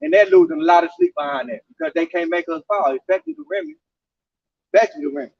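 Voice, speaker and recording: A man with a high, lively voice and a gravelly edge reads scripture aloud and explains it haltingly. The recording is dry and dull. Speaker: camp speaker. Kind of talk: informal scripture discussion.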